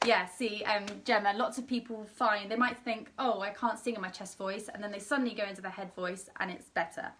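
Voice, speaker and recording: A woman's voice: mid-range voice, steady tone, fairly quick, few pauses, far from the mic, noisy background. A young woman teaching an online singing lesson with a slightly tired voice, explaining and demonstrating sung vowels.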